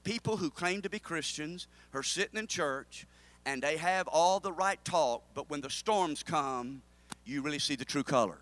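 A pastor preaching a sermon, urging his congregation on, swinging between quiet asides and near-shouted calls. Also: high-pitched, animated, normal speed, no echo. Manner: impassioned preaching, rising to a near-shout, with call-and-response.

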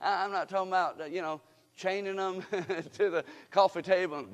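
High-voiced older man preaching. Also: steady tone, a little fast, long reverb tail. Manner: call-and-response, folksy and emphatic. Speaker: guest preacher. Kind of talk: sermon. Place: church.

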